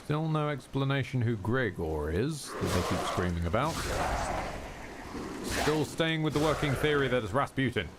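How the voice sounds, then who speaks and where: A man's voice: medium pitch, very animated, normal speed, heavy background noise. A man streaming a game live, talking to himself with sarcastic, jokey commentary. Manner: sarcastic, jokey self-talk.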